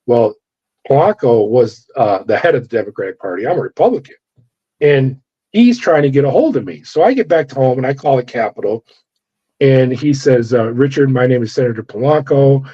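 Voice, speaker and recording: A middle-aged man, a former corrections officer, telling his story in an interview with animated, profane delivery and acted-out dialogue. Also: mid-range voice, fairly quick, breathy edge. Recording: dull lo-fi audio.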